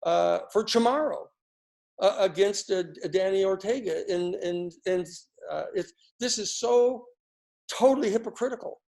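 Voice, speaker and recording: With a high-pitched, gravelly, somewhat mellow voice, an older American man gives casual political commentary. It's rambling and sarcastic, with lots of fillers and restarts.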